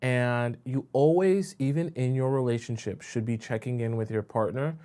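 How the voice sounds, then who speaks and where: A man's voice: medium pitch, moderate pace, dark tone. A man hosting a casual reaction stream on a pin mic, talking straight to his viewers with many fillers. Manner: chatty, addresses viewers directly, many fillers. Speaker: host reacting to videos.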